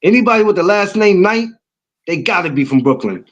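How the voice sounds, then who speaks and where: A man's voice: sits high, animated, brisk, lo-fi sound. Laid-back New York man telling stories. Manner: laid-back street slang, storytelling with repeated asides. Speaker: guest. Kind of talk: casual chat.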